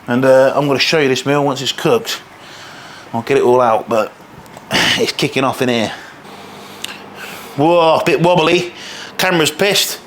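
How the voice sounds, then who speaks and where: A young man rambles quickly as he cooks, peppering his talk with swearing. He sounds worn out from the day. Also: mid-range voice, a little hiss or hum. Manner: swears a lot, rambling and fast. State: tired. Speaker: fitness coach. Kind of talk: casual cooking vlog.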